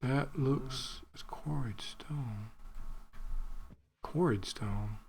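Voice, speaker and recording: A man's voice: mid-range voice, drawn-out words, vocal fry, a little mellow, slight background noise. A man giving rambling, chatty commentary while playing a video game, thinking aloud and drifting off topic. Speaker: gaming video creator. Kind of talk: rambling let's-play commentary.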